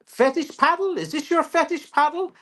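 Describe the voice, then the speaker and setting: A startled post office clerk blurts her words out loud and high. A man puts on her voice for a quick anecdote. The voice sits well above his own. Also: expressive. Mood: incredulous. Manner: loud, shrill, incredulous.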